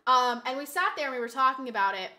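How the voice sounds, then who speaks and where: Streamer lady chatting w her viewers, kinda rambly, keeps restarting sentences, high bright voice. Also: fast talker. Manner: rambling storytelling with many restarts and repeats. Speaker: live streamer. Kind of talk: casual chat with viewers. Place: indoors at home streaming setup.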